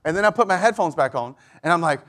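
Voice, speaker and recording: A male pastor in middle age delivers a sermon in a somewhat high voice. He tells stories from his own week and acts out every voice in them with lively shifts. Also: quick pace. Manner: animated, acts out both sides of conversations. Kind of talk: sermon storytelling.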